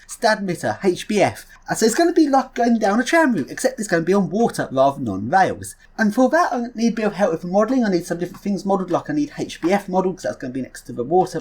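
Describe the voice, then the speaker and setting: Fast, lively woman making a chatty appeal. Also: medium pitch, breathy edge. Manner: chatty, rambling, eager. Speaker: video creator recruiting helpers. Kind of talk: casual vlog appeal.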